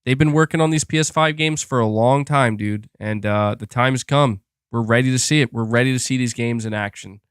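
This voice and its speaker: A young man hosting a casual gaming podcast, rambling excitably with restarts and laughs as he reads viewer messages. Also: mid-range voice, fairly quick, few pauses, clear, resonant tone, no echo, studio quality. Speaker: podcast host reading super chats. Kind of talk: casual live-stream chat.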